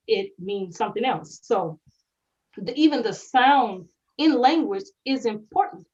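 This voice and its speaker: A woman's voice: fairly high pitch, lively intonation, unhurried, a little mellow. Woman, podcast co-host, explanatory, working through examples; sits back from a dull mic. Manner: explains step by step with examples, repeats words as she thinks. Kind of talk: educational podcast discussion. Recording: distant muffled mic.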